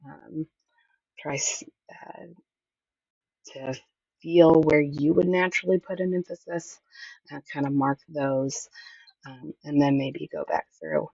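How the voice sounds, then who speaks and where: A woman's voice: deep voice, fairly even intonation, takes it slowly, gravelly, pauses often, a little mellow, dry recording. A woman teacher patiently explaining a lesson, thinking aloud as she goes. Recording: dull lo-fi audio, mic at a distance.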